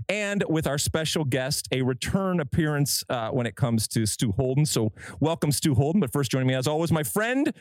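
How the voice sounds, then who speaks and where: Man, podcast host, lively swooping pitch, medium voice, dry studio sound, emphatic. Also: moderate pace, hardly any pauses, no room sound. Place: TV studio set.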